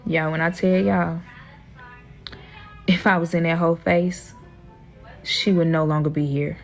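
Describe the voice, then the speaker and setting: A woman's voice: sits low, little pitch movement, unhurried, soft background music. A woman telling her own drama story in a heated, profane, emotional storytime vlog.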